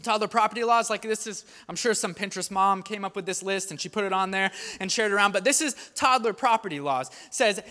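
Young dad pastor preaching, high bright voice, chatty and animated, big echoey church hall. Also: male voice, fast, hardly any pauses. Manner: conversational, animated storytelling with rising intensity. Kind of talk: sermon. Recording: long hall reverb.

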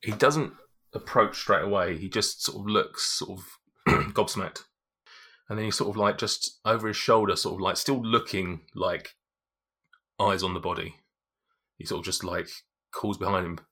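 A man's voice: low voice, fairly even intonation, moderate pace, pushed and bright, breathy edge. A man narrating a tabletop game as game master, rambling with restarts. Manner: rambling, lots of fillers and restarts.

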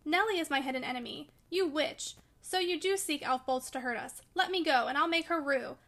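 A woman's voice: high-pitched, a little fast, fairly bright tone. A woman reading as a feverish, passionate young woman, raving and fierce in a storybook reading. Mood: furious.

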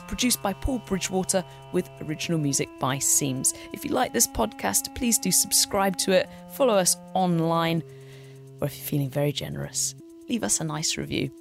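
A woman's voice: lowish voice, expressive, moderate pace, soft background music. A woman hosting a podcast, asking thoughtful questions and reading the show's outro. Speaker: podcast host.

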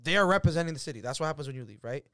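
A young man who is a DJ, talking in casual podcast chat, halting and repeating words as he searches for what to say. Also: fairly high pitch, animated, pushed and bright, no echo, clean studio sound.

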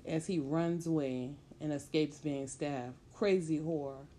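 A woman telling a story in a measured, plain-spoken way, in the present tense. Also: sits low, dark tone.

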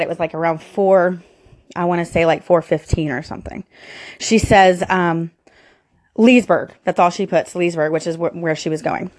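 A woman in her thirties recounts a painful personal memory in a casual, unscripted way. She voices the people she quotes. Her pitch leaps sharply upward when the feeling overwhelms her. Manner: emotional, quoting herself and others, rising to near screams. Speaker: storyteller. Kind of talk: personal storytelling.

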